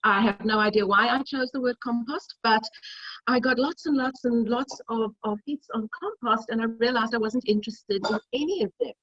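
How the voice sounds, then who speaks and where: This middle-aged cooking demonstrator speaks at a moderate pace in a slightly high, fairly bright voice with no echo. Chatty and full of stories, she runs a casual demo over a video call whose audio is dull and lo-fi.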